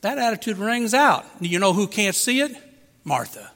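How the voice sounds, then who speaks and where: A man's voice: high-pitched, big pitch swings, moderate pace, creaky, fairly bright tone. A man preaching a sermon as pastor, asking rhetorical questions and acting out quotes. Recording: long hall reverb.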